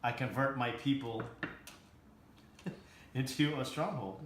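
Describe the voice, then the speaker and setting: A man's voice: medium pitch, slow pace. Hesitant man thinking aloud at a game table. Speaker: board game player. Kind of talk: casual game-table chat. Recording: echoey room with noise.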